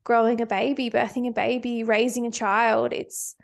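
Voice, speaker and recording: Woman on a podcast, a bit higher voice, thoughtful and earnest. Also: flat delivery, normal speed, vocal fry. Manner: earnest and reflective, with fillers. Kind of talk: casual conversation.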